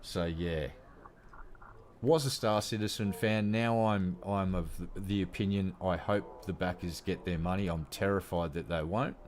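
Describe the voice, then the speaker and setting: A low-pitched Australian man in his fifties rants to camera, blunt and heavy with swearing. A faint hum of noise sits under his voice. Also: steady tone, unhurried. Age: 50s. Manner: blunt, heavily profane ranting. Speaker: gaming vlogger. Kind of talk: casual rant to camera.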